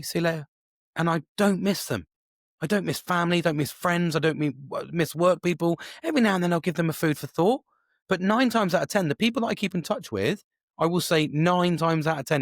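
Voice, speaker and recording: A man's voice: fairly high pitch, no room sound, clean studio sound. A man, a podcast host talking alone in a casual, rambling way with lots of swearing and restarts. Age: 40s. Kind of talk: casual solo monologue.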